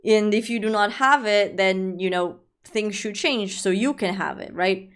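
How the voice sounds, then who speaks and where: A woman's voice: mid-range voice, unhurried. A young woman livestreaming and chatting with her audience, rambling with lots of fillers and calling viewers "my love". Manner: rambling, filler-heavy, affectionate with chat. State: allergies. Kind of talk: casual livestream chat.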